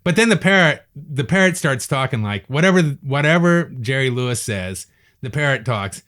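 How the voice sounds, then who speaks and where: Animated man laughing through casual movie chat. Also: medium pitch, moderate pace. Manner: laughing, swearing, animated storytelling. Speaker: guest.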